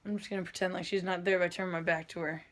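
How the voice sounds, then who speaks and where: A woman's voice: fairly even intonation, racing, fairly bright tone, close to an everyday voice. A woman voicing a mumbling, laid-back house cat. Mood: unbothered. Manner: drawling, low and mumbled.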